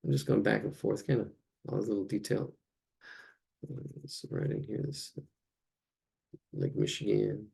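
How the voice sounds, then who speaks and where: Gravelly low-voiced man muttering while drawing. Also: wildly swooping pitch, unhurried, long pauses, warm tone. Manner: rambling, muttering, chuckling asides. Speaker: drawing instructor. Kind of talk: casual narration while drawing.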